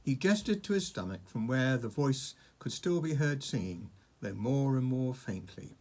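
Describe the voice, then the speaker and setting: Man, audiobook narration, husky voice, lively pitch. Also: moderate pace.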